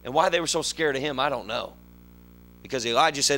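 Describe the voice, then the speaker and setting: Male preacher, folksy storyteller, bright and edgy tone, shifts loud to low. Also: quick pace. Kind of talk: sermon.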